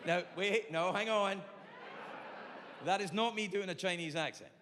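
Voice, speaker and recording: A man performing a stand-up comedy set on stage, telling a story with big shouts and quiet asides. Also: sits high, measured pace, a little hiss or hum. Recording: reverberant venue with faint ambience.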